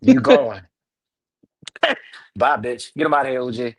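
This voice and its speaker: A man hosting a live online panel, telling a rambling, profane story with big swings between loud and quiet, a little drunk. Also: medium pitch, huge pitch swings, moderate pace, creaky, slightly rough, no echo, rough recording. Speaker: live show panel host.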